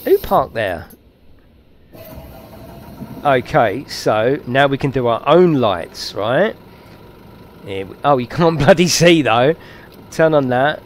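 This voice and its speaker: A man giving excitable, chatty live commentary while streaming a game and talking to his viewers. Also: medium pitch, slow, long pauses, slight background noise.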